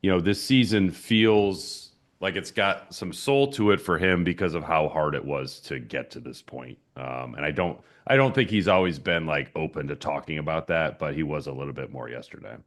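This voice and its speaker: A man's voice: a bass voice, normal speed, few pauses. A male sports reporter recounting player interviews in a laid-back way, full of ums. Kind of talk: casual sports talk.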